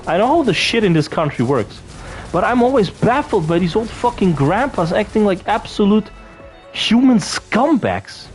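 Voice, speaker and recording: Ranting man, lively high voice. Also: moderate pace, faint music behind. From Austria. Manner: profane, indignant ranting. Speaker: vlogger. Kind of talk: angry storytime rant.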